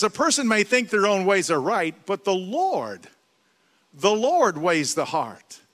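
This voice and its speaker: An older man preaching a sermon in a church, telling stories in a lively way. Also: very high-pitched. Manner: storytelling, lively, shifts into character voices. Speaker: guest preacher. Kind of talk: sermon with a told joke. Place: church sanctuary. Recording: church hall reverb.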